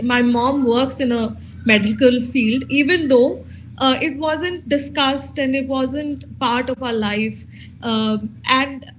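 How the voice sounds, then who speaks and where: A woman in her thirties from India, candidly telling her own story as a panel speaker, halting often with fillers and restarts. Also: fairly high pitch, a little hiss or hum, rough recording. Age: 30s. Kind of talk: personal testimony at a conference.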